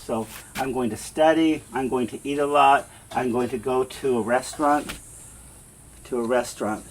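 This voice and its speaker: A man teaching a beginner language lesson in a classroom, patiently repeating example phrases slowly. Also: mid-range voice, a little hiss or hum. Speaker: Spanish teacher.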